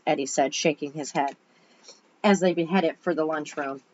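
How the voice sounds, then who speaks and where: A woman reads a children's chapter book aloud in a relaxed, chatty way, tripping over a word now and then and fixing it. Her voice sits fairly low, and the recording sounds dull and lo-fi. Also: moderate pace. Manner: casual and chatty, stumbles and corrects herself mid-sentence. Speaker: storybook reader.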